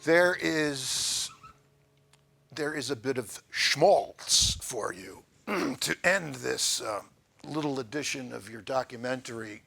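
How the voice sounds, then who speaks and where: Gravelly guy hosting a comedy bit, deadpan, lots of uhs and ums, real slow. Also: medium pitch, faint music behind. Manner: halting, full of pauses and fillers. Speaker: host.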